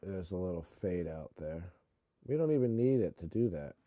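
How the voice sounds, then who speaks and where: A man's voice: low-pitched, expressive, moderate pace, lo-fi sound. A man hosting a live music-mixing stream, muttering to himself and poking fun at his own mistakes. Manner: mutters to himself, self-deprecating. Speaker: host mixing music on a livestream. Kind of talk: casual running commentary while working.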